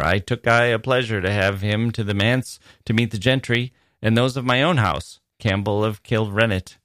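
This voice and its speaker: A man voicing an earnest, kindly elderly minister, giving slow, deliberate advice. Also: lowish voice, no room sound. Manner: solemn, deliberate advising.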